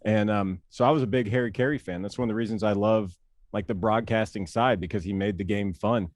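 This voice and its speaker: A man being interviewed as a guest, telling stories in a playful, animated way with frequent laughs. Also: fairly low pitch, fairly quick, dry recording, studio quality. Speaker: guest, former pitcher and broadcaster. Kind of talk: casual interview storytelling.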